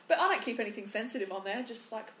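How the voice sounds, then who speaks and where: A young Australian woman co-hosting a casual chat, giggly and animated. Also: fairly high pitch, racing. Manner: giggly, animated, quotes others in voices. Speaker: podcast co-host. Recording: echoey room with faint noise.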